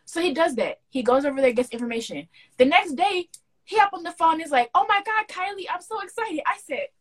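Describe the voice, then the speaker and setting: A young woman co-hosting a casual podcast, telling a story with lively slang and acting out the quoted dialogue. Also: very high voice, fairly quick. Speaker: podcast co-host.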